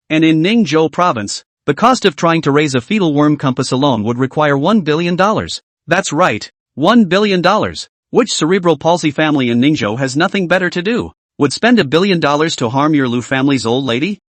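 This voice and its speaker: A man's voice: fairly high pitch, animated, a little fast, hardly any pauses, no room sound. A man narrating a comic story recap, reading every part in much the same voice.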